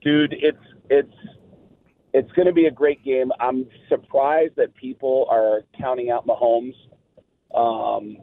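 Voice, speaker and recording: A man's voice: medium pitch, level tone, slow, creaky. A middle-aged man, a comedian, chatting casually as a guest and telling stories full of fillers. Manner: rambling storyteller, many fillers. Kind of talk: casual radio phone chat. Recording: tinny phone line.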